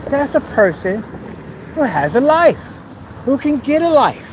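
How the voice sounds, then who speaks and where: A man's voice: extremely high pitch, very animated, unhurried. A man talking casually while walking outdoors, mocking and teasing in a playful way. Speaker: vlogger. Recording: outdoor traffic noise.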